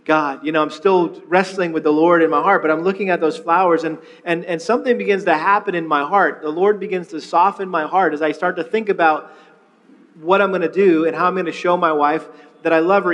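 A male pastor with a high voice delivers a sermon in a relaxed, conversational way. He often repeats words as he restarts his sentences. His voice carries a long reverb from a large hall. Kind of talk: sermon-style teaching on marriage.

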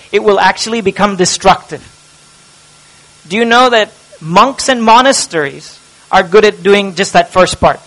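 A man with a high, light voice preaches a sermon. He moves from hushed, tender lines to loud, impassioned cries, with a steady preaching pulse. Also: low-quality recording. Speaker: pastor.

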